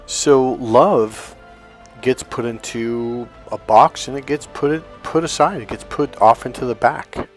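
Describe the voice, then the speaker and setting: A man's voice: mid-range voice, measured pace, faint music behind. A man giving a solo coaching monologue on relationships, talking emphatically and acting out what husbands and wives say to each other. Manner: emphatic, acts out quoted couples' lines.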